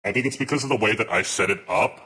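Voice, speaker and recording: Guy streaming and venting, bright forceful voice, swears a lot, chats w his viewers. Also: lowish voice, fast talker. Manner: ranting and exasperated, swears, reads chat aloud. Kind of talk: casual live-stream chat.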